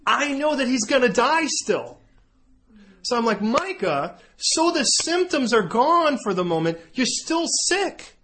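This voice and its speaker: Animated man preaching a story. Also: very high voice, unhurried, noisy background. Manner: animated storytelling, switching between characters' voices. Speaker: pastor. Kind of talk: sermon illustration with acted dialogue.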